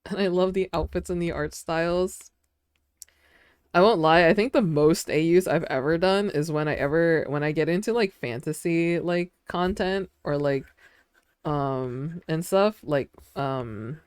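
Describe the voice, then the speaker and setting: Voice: mid-range voice, measured pace, clear, resonant tone, dry recording, clean studio sound. A streamer chatting casually with their audience while drawing. They ramble with lots of fillers and giggle often.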